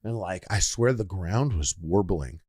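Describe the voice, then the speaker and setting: A man's voice: sits low, measured pace, slightly rough, no echo, studio quality. A man co-hosting a casual podcast, telling a long rambling story with lots of "like" and acting out the sounds and voices in it. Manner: rambling, animated storytelling full of "like"; acts out sounds and quoted voices while telling stories. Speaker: podcast co-host.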